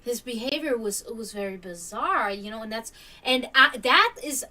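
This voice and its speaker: A woman's voice: on the high side, expressive, normal speed, bright, forceful tone, recorded from a distance. A woman hosting a stream, telling a story casually, rambling with many fillers and restarts. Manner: imitates hawk caws. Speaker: stream host.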